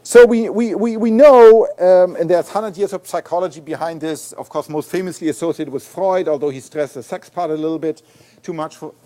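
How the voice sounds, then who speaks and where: A man with a German accent delivers an academic lecture in a lecture hall. His voice sits high for a man, and he explains eagerly, often backing up to repeat a word before pressing on. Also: a little fast. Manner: animated, explanatory, frequent restarts and repeated words. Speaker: guest lecturer, neuroscientist.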